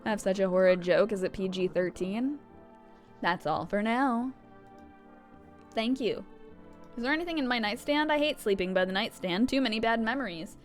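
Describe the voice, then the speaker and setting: A woman's voice: medium pitch, moderate pace, pauses often, soft background music. A woman streaming a game, joking casually and reading game text aloud. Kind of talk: casual gameplay commentary.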